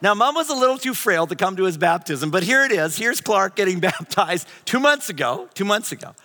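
Bright-voiced middle-aged man preaching in a reverberant hall. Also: sits high, a little fast. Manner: animated, shifts to hushed whispers. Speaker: pastor. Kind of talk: sermon storytelling.

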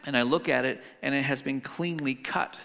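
A middle-aged man preaching a sermon, telling family stories and swinging between hushed and loud. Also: mid-range voice, steady tone, moderate pace, vocal fry, a little hiss or hum. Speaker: pastor. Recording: long hall reverb.

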